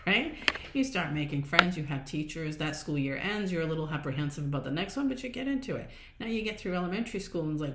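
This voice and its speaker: A woman's voice: deep voice, animated, fast, roomy sound, a little hiss or hum. A woman hosting a solo podcast, talking in a casual, encouraging way and acting out little inner voices as she goes. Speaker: podcast host. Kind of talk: motivational solo podcast talk.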